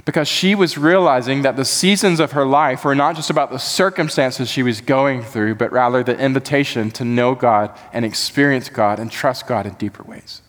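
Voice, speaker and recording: A man's voice: medium pitch, normal speed, hardly any pauses, big-room sound. A man preaching a sermon as pastor, earnest and building to impassioned emphasis.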